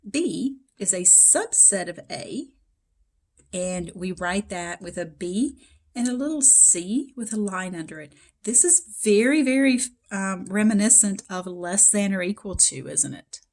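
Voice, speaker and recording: A woman's voice: mid-range voice, expressive, measured pace, darkish tone. Woman teaching math, kinda froggy voice, chatty, lots of ums. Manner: explanatory, chatty with fillers. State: slightly hoarse, froggy. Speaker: math instructor. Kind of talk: recorded lecture.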